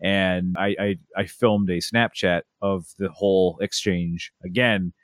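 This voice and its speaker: Young guy telling funny toddler stories, low voice, dry close mic, does the kid's voice high. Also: measured pace, dry recording. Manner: animated storyteller, acts out a toddler's voice. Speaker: podcast co-host. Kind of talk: casual storytelling chat.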